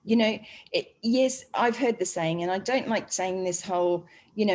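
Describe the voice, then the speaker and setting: A woman's voice: mid-range voice, normal speed, a little mellow, slight background noise. An Australian woman speaking in a casual online group discussion, chatty and rambling with frequent fillers. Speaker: panel speaker.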